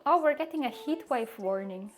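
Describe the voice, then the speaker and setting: Lady streaming, high voice, rambly chatty, faint music behind. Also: animated, moderate pace. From Switzerland. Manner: chatty and rambling, laughs often, self-mocking. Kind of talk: casual live-stream chat to viewers.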